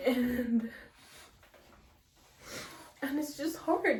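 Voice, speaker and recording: A young woman in a personal vlog, telling her story in a halting, emotional way and close to tears. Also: on the high side, steady tone, a little mellow. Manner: halting, emotional, many restarts. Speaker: vlogger. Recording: echoey room.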